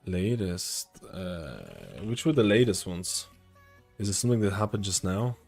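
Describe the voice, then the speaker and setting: A young man on a live stream answers his viewers' questions in a loose, rambling, chatty way. His voice sits on the low side and his pace is measured, with faint music playing behind him.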